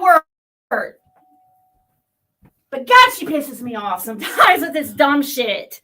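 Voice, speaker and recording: High bright-voiced woman ranting heatedly. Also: very animated, takes it slowly, pauses often. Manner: heated, swears a lot, swings between muttering and yelling. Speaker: vlogger reacting to online critics. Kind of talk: profane reaction rant.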